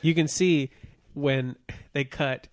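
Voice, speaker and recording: A man co-hosting a podcast in casual chat, joking with quick asides. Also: a little high, fairly even intonation, no room sound, clean studio sound. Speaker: podcast co-host.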